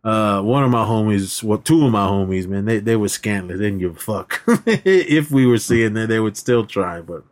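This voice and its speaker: A man's voice: on the low side, normal speed. A man co-hosting a movie podcast, recapping scenes in casual chat, laughing often and acting out the characters' lines in a raised voice. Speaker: podcast co-host.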